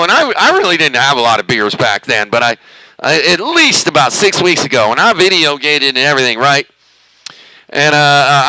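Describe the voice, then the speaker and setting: Guy rambling on his cb radio from his bedroom, gravelly bright voice, dry sound. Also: a little high, dry recording, poor audio. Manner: rambling, folksy, hesitant fillers. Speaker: CB radio operator, channel host. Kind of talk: casual CB radio chat. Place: bedroom at home. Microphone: CB radio mic.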